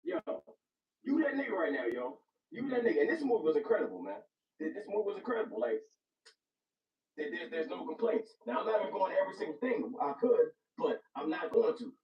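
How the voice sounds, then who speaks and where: Hyped, gravelly young-sounding man. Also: sits high, big pitch swings, fast. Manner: hyped, profane, repeats phrases. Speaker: movie reviewer. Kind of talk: casual movie review chat. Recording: echoey room, distant dull mic.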